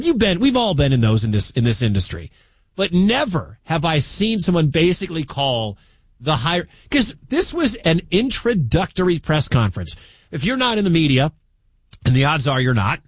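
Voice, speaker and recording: A man's voice: a little high, very animated, normal speed, slightly rough, no room sound. A middle-aged man from the American Midwest hosting sports talk radio, chatty and incredulous.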